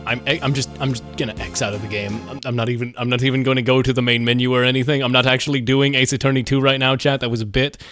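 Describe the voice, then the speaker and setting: A man's voice: mid-range voice, flat delivery, quick pace, hardly any pauses, a bit bright, faint music behind. A worn-out man live-streaming a game, rambling casually to chat and swearing often. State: exhausted.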